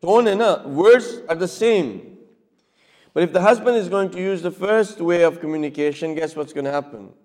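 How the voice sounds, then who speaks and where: A man's voice: high voice, normal speed, darkish tone. Man lecturing in a reverberant hall. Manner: asks the class questions, acts out short examples. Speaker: teacher. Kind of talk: classroom lecture.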